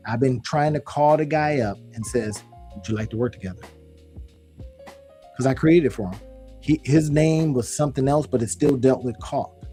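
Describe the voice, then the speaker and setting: Animated man teaching a tutorial. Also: medium pitch, normal speed, soft background music. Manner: animated, folksy, addresses viewers as y'all. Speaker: online business tutor. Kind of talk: live screen-share tutorial.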